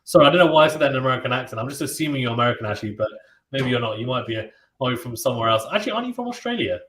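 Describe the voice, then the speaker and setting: A man calls live tennis play-by-play in a loose, conversational way, breaking off to read and answer viewer comments. His voice sits at an ordinary middle pitch. The sound carries a roomy echo, as if he is recording in an untreated space. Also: rapid-fire, slight background noise. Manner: chatty and relaxed, reads out viewer comments and reacts to them. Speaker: host of a live tennis watchalong stream. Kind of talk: live play-by-play commentary mixed with casual chat.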